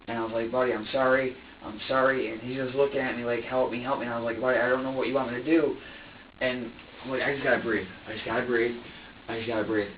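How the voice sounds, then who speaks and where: Man in a far-off echoey interview room. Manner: halting and repetitive, voice often sinking low. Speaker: person being questioned by police. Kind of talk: recorded police interview. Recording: dull echoey room recording from afar, faint hiss.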